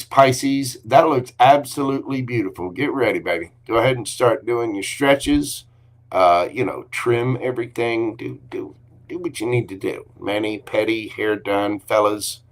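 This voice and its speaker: Male tarot reader, lowish voice, upbeat and encouraging, exclaims often while reading cards live.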